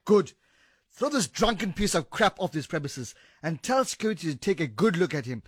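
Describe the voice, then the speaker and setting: A man's voice: on the high side, big pitch swings, normal speed, breathy edge, dry recording, studio quality. A man playing a stern, protective partner. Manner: firm, stern. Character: protective new partner, a firm manager.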